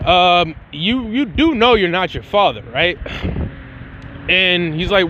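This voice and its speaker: A man's voice: high voice, expressive, slow, sharp tone. A young man casually narrating a fan story as channel host, rambling and slangy with a lot of swearing. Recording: dull lo-fi sound with faint noise.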